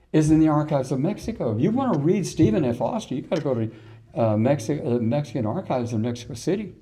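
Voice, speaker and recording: A man's voice: a little high, dark tone. An older man giving a folksy history lecture, telling stories and asking the audience rhetorical questions. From Texas. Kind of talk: public lecture.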